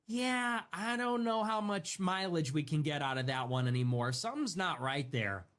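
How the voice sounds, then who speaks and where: A man's voice: sits high, expressive, normal speed, few pauses, a bit bright. A man ranting sarcastically on a livestream, sneering and provocative. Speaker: streamer in a played clip. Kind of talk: mocking livestream rant.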